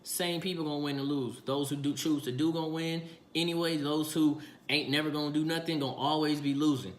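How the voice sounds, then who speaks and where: A man's voice: fairly high pitch, steady tone, fairly quick. A man ranting casually about politics, firing off rhetorical questions in slangy, emphatic speech. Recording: echoey room with faint noise.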